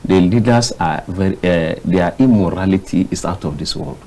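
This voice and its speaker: A Nigerian man, a public affairs analyst, giving heated, exasperated commentary on a studio panel, his voice jumping to sudden high bursts. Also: moderate pace, dark tone, slight background noise, poor audio.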